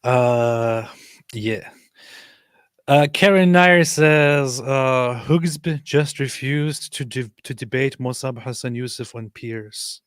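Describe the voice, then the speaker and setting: Man, live-stream co-host, casual wry chat, mid-pitched voice, dry close sound. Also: takes it slowly, smooth, dry recording. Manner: laid-back, wry, reads viewer comments.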